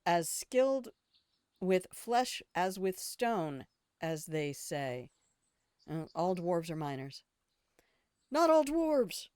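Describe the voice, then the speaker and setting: An older woman voicing a proud, boastful male dwarf healer, reading the lines slowly without putting on an accent. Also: fairly low pitch, darkish tone, clean tone, no echo, studio quality. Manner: reads game dialogue slowly in her own voice, no accent.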